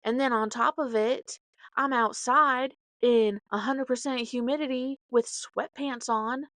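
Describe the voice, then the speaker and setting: A woman's voice: fairly high pitch, steady tone, unhurried, fairly bright tone, no echo. A woman hosting a podcast, telling a story in a casual, rambling way with side notes and self-corrections. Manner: dramatic, acts out quoted dialogue. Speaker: podcast host.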